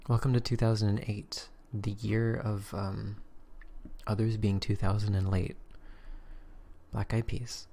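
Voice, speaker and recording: A man's voice: on the low side, level tone, a little slow, vocal fry, dark tone, a little hiss or hum. A man streaming live as a game developer, chatting casually in a rambling way with a slightly stiff throat. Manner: rambling, self-interrupting, reads docs aloud.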